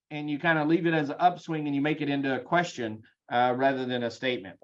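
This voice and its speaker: A man leading a sales team meeting, energetic and chatty, with frequent ums, over a video call. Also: a little high, fast, few pauses, dull audio. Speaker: real estate team leader.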